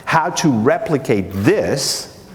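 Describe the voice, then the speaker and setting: A man's voice: mid-range voice, takes it slowly. A man from France with a French accent, giving a live conference presentation and telling a humorous story. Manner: humorous storytelling, animated quotes. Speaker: conference speaker. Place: conference breakout room. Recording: long hall reverb.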